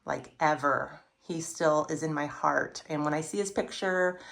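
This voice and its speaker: A woman's voice: deep voice, unhurried, creaky, a bit bright. A woman in her fifties chatting casually while giving a home tour, enthusiastic about her thrift finds. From United States.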